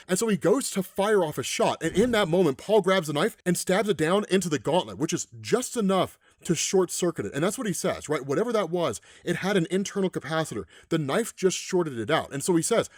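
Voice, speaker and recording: A man hosting a casual comic-book recap, animated and ranting, who keeps checking in with "right?". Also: high-pitched, brisk, dry recording, clean studio sound.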